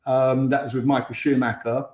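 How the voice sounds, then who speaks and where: A man's voice: mid-range voice, level tone, moderate pace, darkish tone, echoey room. An English man, a former racing driver, chatting as a guest over a video call and often restarting his sentences. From England. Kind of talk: casual interview chat.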